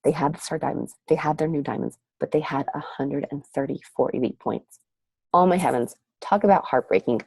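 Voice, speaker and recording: Gushing woman with a warm, husky voice. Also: deep voice, fairly quick, no room sound. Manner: gushing, exclamatory, repeats herself for emphasis. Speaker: leader of a team of fitness coaches. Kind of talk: motivational talk on a video call.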